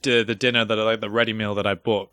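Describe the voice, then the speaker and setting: A man's voice: fairly low pitch, level tone, fast, bright, forceful tone, clean tone, no echo. A young man co-hosting a casual chat, rambling through a story with restarts and fillers. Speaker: podcast co-host.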